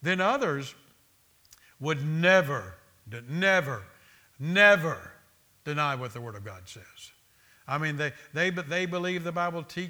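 A man's voice: on the high side, bright, forceful tone. A man preaching a sermon, with an emphatic, repetitive cadence that builds through lists of phrases.

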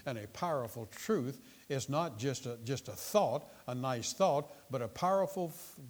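A male preacher delivering an emphatic, repetitive sermon punctuated by exclamations of praise. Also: mid-range voice. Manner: emphatic, repetitive, bursts of "Glory to God".

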